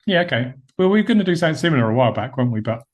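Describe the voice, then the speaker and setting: A man hosting a horror film podcast in relaxed, chuckling banter with his co-host over a call. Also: mid-range voice, racing. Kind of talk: casual podcast chat.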